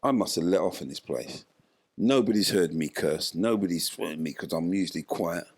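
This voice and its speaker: An older man who used to play football sits low in pitch and talks at a moderate pace with a breathy edge. As an interview guest, he retells a story vividly, acting out the quoted conversation.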